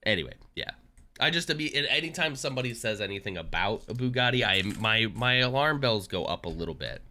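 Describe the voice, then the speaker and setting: Bright-voiced joking male streamer. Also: medium pitch, animated, fast talker. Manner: chatty, joking, self-deprecating. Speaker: livestreamer. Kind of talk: casual live-stream chat.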